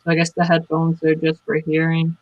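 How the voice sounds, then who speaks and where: Man, flat monotone with gravelly fry, dry dull webcam-mic sound, relaxed tech-check chat. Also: fairly high pitch, brisk, no room sound. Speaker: tech support on a livestream team. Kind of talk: casual video-call tech check. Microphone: webcam mic on a video call.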